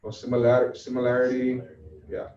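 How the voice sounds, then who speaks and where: A man's voice: medium pitch, monotone, normal speed, darkish tone, slight background noise. Man coaching a sales team in an echoey room. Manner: casual, loose and chatty with fillers. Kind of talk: classroom training talk. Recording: echoey, distant, dull room recording.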